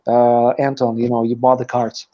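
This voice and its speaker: Male teacher, live online class, dark mellow voice, lots of hesitant fillers, dull lo-fi sound. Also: medium pitch, level tone, normal speed. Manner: encouraging, explains step by step. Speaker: language teacher.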